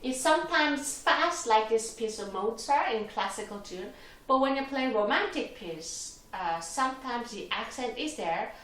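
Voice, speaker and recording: A woman's voice: on the high side, lively intonation, unhurried, fairly bright tone, distant mic. A woman teaching a violin lesson, patiently explaining step by step with small slips in her wording. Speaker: violin instructor. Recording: roomy echo, voice from off the mic, violin playing.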